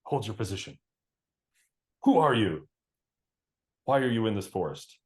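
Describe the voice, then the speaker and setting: A man's voice: fairly low pitch, big pitch swings, unhurried, darkish tone, pitched above the performer's own voice. A man voicing a suspicious male archer who leads a hidden forest guard. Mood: stern. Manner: commanding, suspicious.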